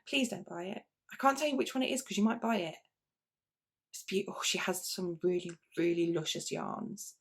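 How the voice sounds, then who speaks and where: A woman with a mid-range voice and vocal fry hosts a knitting video podcast in British English. Talking casually to camera, she wanders from point to point with frequent asides, restarts, self-interruptions and fillers.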